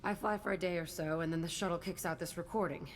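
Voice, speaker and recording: A hardened young woman fighter, voiced by an actress with a low, husky-edged register and a curt, defiant way of clipping her words. The game lines ring out with a long hall reverb behind them. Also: steady tone, fast talker, a little hiss or hum, natural voice. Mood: bitter. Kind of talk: video game dialogue.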